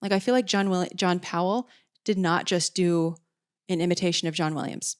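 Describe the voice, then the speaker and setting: A woman hosting a music podcast, talking through her views slowly and thoughtfully, with frequent restarts and careful qualifiers. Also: fairly low pitch, steady tone. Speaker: podcast host. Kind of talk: reflective solo commentary.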